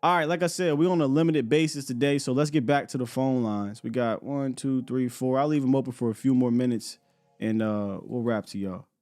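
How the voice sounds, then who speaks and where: A man's voice: mid-range voice, fairly quick, darkish tone, no echo, soft background music. A man hosting a sports talk show, chatting in a laid-back, conversational way and taking calls. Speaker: host.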